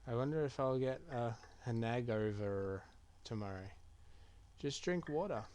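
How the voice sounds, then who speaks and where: In a measured, mid-range voice with a darkish tone, a man streams himself playing a game, reacting in mutters and reading chat aloud. He is a gaming streamer. Typing and keyboard clicks sound clearly in the background.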